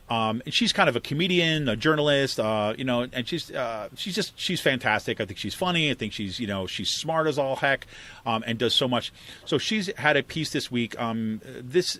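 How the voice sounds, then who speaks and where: A man in casual podcast chat, meandering through his points with plenty of ums and asides. His voice sits at a middle pitch. He talks like a regular host among friends. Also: a bit bright. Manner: rambling, many fillers and asides.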